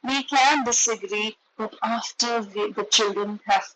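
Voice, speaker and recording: A woman with an Indian English accent delivers a parenting lesson in a somewhat high voice. She explains each point earnestly and slips into playing the parent and the child as she goes. She sounds middle-aged and steady, like a seasoned educator. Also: a little slow, a little hiss or hum, poor audio. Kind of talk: parenting talk.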